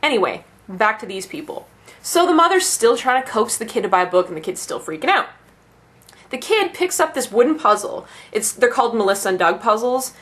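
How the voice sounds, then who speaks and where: A woman's voice: fairly high pitch, lively intonation, moderate pace, a bit bright. Young woman ranting casually, profanely. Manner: ranting, profane, laughing asides. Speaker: bookstore employee.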